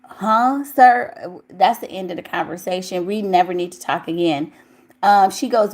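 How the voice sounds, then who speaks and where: A woman's voice: fairly low pitch, normal speed. Outspoken woman reacting to gossip news. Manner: outspoken, incredulous, exclaims loudly. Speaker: celebrity gossip commentator. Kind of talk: reading news aloud and reacting.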